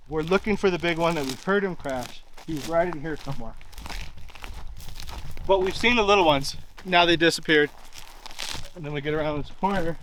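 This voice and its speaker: A man's voice: a little high, a little hiss or hum, poor audio. A man telling what happened while standing outdoors in woods, rambling and pointing things out with lots of "like". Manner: rambling, full of "like" and pointing "right here". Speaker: eyewitness recounting a hunt. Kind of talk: casual on-location retelling. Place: outdoors in a wooded area.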